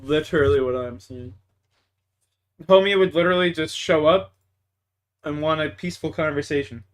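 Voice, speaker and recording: A young adult man with a Canadian accent and a fairly high voice talks at a moderate pace while streaming a game. The chat is casual, profane and ranting, veering between loud and mumbled.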